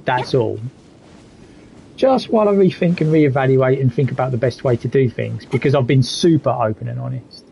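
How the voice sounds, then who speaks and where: A man's voice: mid-range voice, normal speed, vocal fry, warm tone, a little hiss or hum, low-quality recording. A man live streaming a game, talking candidly and reflectively while reading chat messages aloud. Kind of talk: casual gaming stream commentary.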